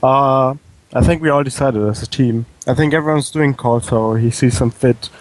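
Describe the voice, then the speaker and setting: A young man from Denmark, a pro gamer guest, answers in a hesitant, relaxed way full of fillers. His mid-pitched voice sounds close and dry. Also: normal speed, dry recording, rough recording. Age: young adult.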